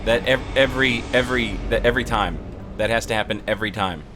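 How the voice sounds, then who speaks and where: A man's voice: medium pitch, fast, background noise. A man streaming a game, chatting casually with his viewers and breaking into frustrated outbursts when things go wrong. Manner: chatty, talks to chat, bursts of frustrated yelling. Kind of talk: casual live gameplay commentary.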